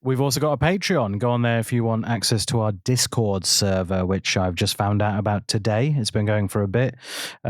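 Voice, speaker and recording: Deadpan man with a dry, lowish voice. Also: dry recording. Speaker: podcast co-host. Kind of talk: casual comedy podcast chat.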